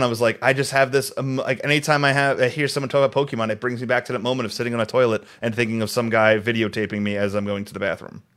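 A man's voice: medium pitch, a bit bright. A man co-hosting a podcast, telling a rambling story with swearing and stumbles. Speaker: podcast co-host. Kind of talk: casual chat and anecdote.

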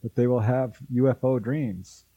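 A man's voice: medium pitch, measured pace, slightly rough, narrow, tinny audio. A man, an author and researcher, telling a long story in an interview and acting out the voices of the people in it. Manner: animated storyteller who acts out quoted voices. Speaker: author and UFO researcher, guest.

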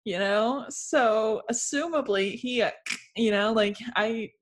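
A young woman co-hosting a casual chat, animated and joking, often laughing. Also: a little high, slow pace.

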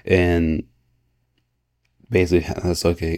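A man's voice: deep voice, fairly even intonation, normal speed, mellow. A man hosting a solo podcast, talking casually and earnestly in a motivational way, often laughing and restarting his sentences. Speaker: podcast host.

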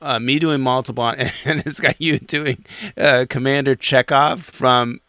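A man co-hosting a podcast in casual chat, animated and laughing a lot. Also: medium pitch, a little slow, dry recording, studio quality. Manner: laughing often, animated, stammering restarts. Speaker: podcast co-host.

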